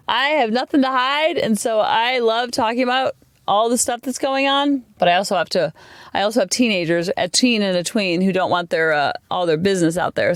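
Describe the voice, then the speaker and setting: Woman in her 40s, podcast host: candid, chatty solo talk, close dry mic, mid-pitched. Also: no echo. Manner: chatty, candid, animated storytelling. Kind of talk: casual solo podcast monologue.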